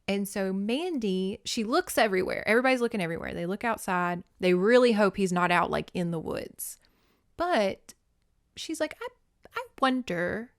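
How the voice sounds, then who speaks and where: A woman hosting a podcast, reading a children's novel aloud and commenting in a casual, expressive way with swearing. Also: mid-range voice, normal speed, no echo, studio quality. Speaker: podcast host.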